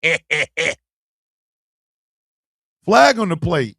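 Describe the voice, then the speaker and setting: Guy ranting on his stream, cussing and yelling a lot, gravelly voice, dry close sound. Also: high voice, sing-song, measured pace, no room sound. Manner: loud, profane, shouting and laughing, swings from yelling to muttering. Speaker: live-stream host. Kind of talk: profane live-stream rant.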